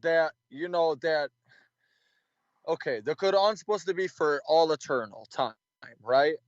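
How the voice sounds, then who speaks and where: A man calling into a debate, answering haltingly with many restarts. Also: a little high, dry recording, muffled recording. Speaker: caller. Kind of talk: hesitant debate call.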